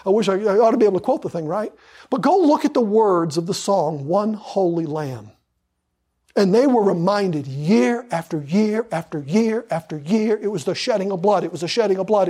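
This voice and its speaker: Male preacher, husky voice, fervent sermon delivery, repetitive hammering emphasis. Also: high voice, expressive, a little fast, dark tone.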